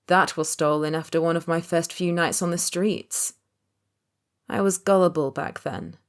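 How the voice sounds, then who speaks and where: A woman narrating a romance audiobook in the first person, tense and wry. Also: lowish voice.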